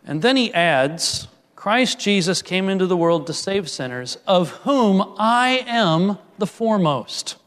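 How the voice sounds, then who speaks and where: Male pastor, high voice, slow deliberate sermon delivery, earnest with emphatic peaks. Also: expressive, long reverb tail. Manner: earnest, rising to emphatic peaks then dropping soft.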